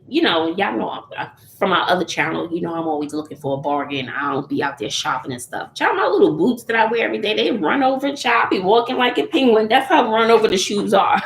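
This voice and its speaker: A woman, chatting candidly with viewers and laughing often. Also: medium pitch. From Texas, USA. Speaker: YouTuber answering viewers. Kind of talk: casual live chat. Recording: roomy echo, faint noise.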